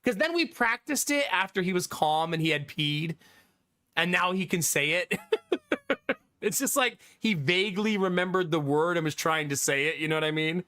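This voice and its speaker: A man's voice: high-pitched, lively intonation, moderate pace, bright, forceful tone, smooth. A man in his thirties, a live streamer telling a story to his viewers in casual chat, laughing often and swearing freely.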